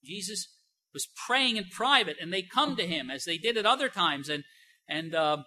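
Bright-voiced man preaching emphatically. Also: high-pitched, expressive, normal speed, poor audio. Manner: emphatic, rhetorical questions, frequent "you know" fillers; swings between soft and loud emphasis. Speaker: pastor. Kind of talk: sermon.

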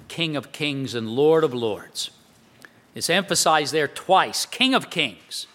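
Bright-voiced man preaching in a hall. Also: mid-range voice. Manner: conversational, rhetorical questions, quotes scripture. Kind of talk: sermon. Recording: long hall reverb.

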